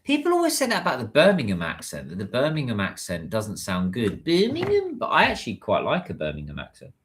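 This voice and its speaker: A British man hosts a relaxed livestream, reading messages from viewers and answering them as he goes. His voice sits low, but his pitch swings widely and sounds animated. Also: brisk, slight background noise. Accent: British English. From United Kingdom. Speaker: livestream host. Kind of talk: casual livestream chat.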